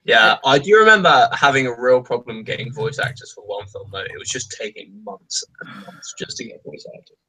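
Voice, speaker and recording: A man on a casual podcast telling stories in an animated, lively way. His voice sits mid-range in pitch with a bright edge. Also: brisk, rough recording. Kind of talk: casual group chat.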